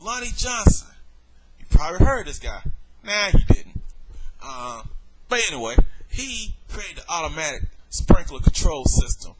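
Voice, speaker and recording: A man's voice: on the high side, very animated, moderate pace, very noisy. Worked-up man lecturing a viewer. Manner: lecturing, exasperated, addresses viewer directly. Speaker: vlogger. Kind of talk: heated video rebuttal.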